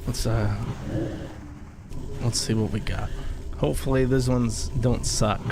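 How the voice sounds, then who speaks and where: An American man on a live stream reads out viewer donations in an unhurried, gravelly, mid-range voice with fairly even intonation. His casual comments are wry and offhand, with chuckling asides, over a noisy background.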